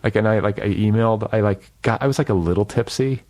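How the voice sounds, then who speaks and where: Guy hosting a podcast, kinda low voice, swears a lot, chatty and self-deprecating. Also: fast, darkish tone. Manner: candid, profane, self-deprecating, many fillers. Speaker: podcast host. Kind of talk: casual conversation.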